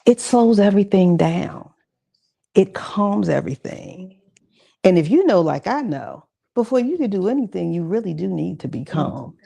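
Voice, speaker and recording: Gravelly-voiced woman giving an encouraging talk. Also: medium pitch, lively intonation, normal speed, warm tone. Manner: conversational, encouraging, colloquial asides. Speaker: mental health speaker. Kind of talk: church talk session. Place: church gathering with audience responses.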